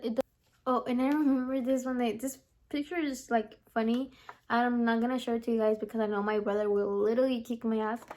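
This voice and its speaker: A young woman chatting to the camera in a relaxed vlog, rambling and filling her talk with "like" and "honestly". Her voice is fairly high but soft and mellow. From from abroad, lives in the US. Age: young adult. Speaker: vlogger. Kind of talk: casual vlog chat to camera.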